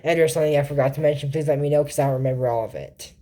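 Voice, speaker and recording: A woman's voice: low voice, steady tone, racing, mellow. A woman giving a casual reaction commentary on a cartoon episode, rambling and sarcastic, with mocking asides.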